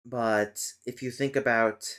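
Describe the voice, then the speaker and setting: A man's voice: mid-range voice, steady tone, measured pace, fairly bright tone. A man casually reading a linguistics text aloud on a stream, breaking off into exasperated, swearing rants. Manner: swears, self-correcting. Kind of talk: casual live stream chat.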